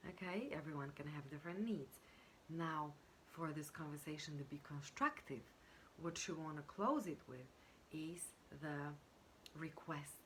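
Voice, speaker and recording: A woman coaching on communication, explaining step by step in a measured way with frequent pauses and fillers, now and then acting out example sentences. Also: low-pitched, fairly bright tone, a little hiss or hum. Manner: measured, pausing with fillers, acts out example phrases. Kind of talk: explanatory teaching talk.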